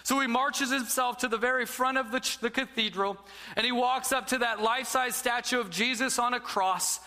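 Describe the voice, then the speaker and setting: A man's voice: extremely high pitch, moderate pace, sharp tone, big-room sound. A man who is a pastor preaching a sermon, telling a story with dramatic drops to a near-whisper.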